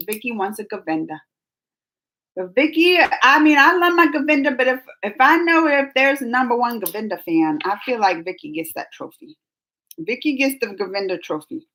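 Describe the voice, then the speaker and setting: A woman hosts a relaxed livestream, reading comments and answering viewers by name. Her voice sits high and sounds bright and forward. A tickle in her throat keeps breaking in with coughs. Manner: chatty, laughs often, talks to viewers by name. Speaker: livestream host.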